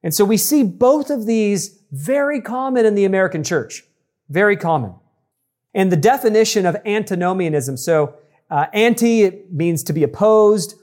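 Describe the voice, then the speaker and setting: A man's voice: sits high, animated, moderate pace, darkish tone. A man preaching an expository sermon, teaching emphatically and addressing the congregation directly. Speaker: pastor.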